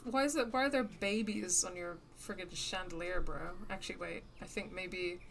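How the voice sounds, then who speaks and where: A woman's voice: fairly low pitch, normal speed, creaky, hardly any pauses, a bit bright, slight background noise. A woman streaming a video game live, chatting casually with viewers, laughing often and muttering at the game as she plays. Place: lives in the UK.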